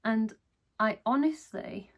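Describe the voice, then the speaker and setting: Slow, gushing woman vlogger. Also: fairly high pitch. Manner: gushing, enthusiastic. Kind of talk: casual haul video chat.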